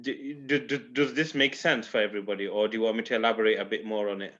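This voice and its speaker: A man's voice: fairly low pitch, steady tone, fast talker, fairly bright tone, dull audio. A man teaching a recitation class online, explaining patiently and often checking in with "yeah?". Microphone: video call microphone.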